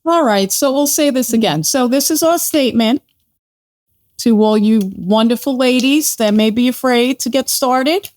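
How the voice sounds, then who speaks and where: A woman leading a local shooting group, speaking in an earnest, supportive and steady way. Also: on the high side, moderate pace, dry recording. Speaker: shooting group chapter leader. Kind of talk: casual interview chat.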